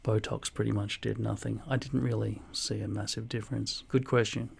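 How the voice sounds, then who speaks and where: A man in his forties reading out viewer comments and answering them in a dry, deadpan way, with plenty of swearing. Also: fairly low pitch, moderate pace, creaky, breathy edge. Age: 40s. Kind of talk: casual comment-reply vlog.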